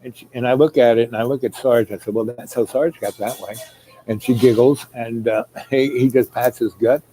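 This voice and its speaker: A man's voice: mid-range voice, steady tone, moderate pace, mellow, rough recording. A man telling a long rambling story, full of fillers, who acts out the people he quotes. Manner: meandering, many fillers, acts out quoted voices.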